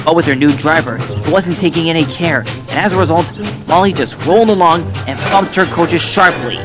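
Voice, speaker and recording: A man narrating a children's storybook in an even storytelling manner. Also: a little high, fairly quick. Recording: narration with music bed.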